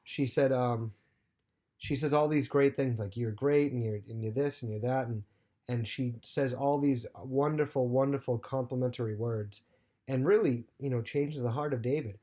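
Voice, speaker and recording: A man giving a casual Bible lesson, retelling the passage in his own loose words with plenty of fillers and restarts. His voice sits at a middling pitch with a dark, mellow tone. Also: normal speed. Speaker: teacher.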